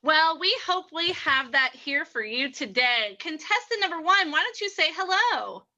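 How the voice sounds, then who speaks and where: A woman's voice: high-pitched, very animated, moderate pace, bright, forceful tone, lo-fi sound. A woman hosting an improv game over a video call, chatty and giggly.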